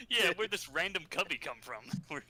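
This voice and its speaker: A man's voice: high-pitched, expressive, normal speed, a loud crowd, low-quality recording. A man chatting casually on a podcast, giggling often and restarting his sentences. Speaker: podcast co-host. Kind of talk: casual chat.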